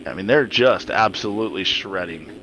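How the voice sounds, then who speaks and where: A man's voice: sits low, normal speed, a little hiss or hum, rough recording. A man giving casual, joking play-by-play commentary on a simulated motocross race, swearing freely. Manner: joking, profane, excitable.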